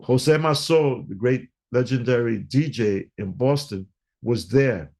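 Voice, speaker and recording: Lively New man telling stories. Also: medium pitch, unhurried, gravelly, breathy edge. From New York. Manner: animated storyteller who acts out dialogue. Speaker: guest musician. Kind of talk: storytelling interview.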